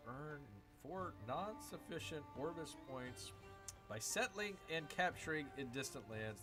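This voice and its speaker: Excitable man streaming a strategy game. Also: medium pitch. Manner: excitable, exclaims and addresses viewers as "people". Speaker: gaming streamer. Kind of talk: live game commentary, reading chat.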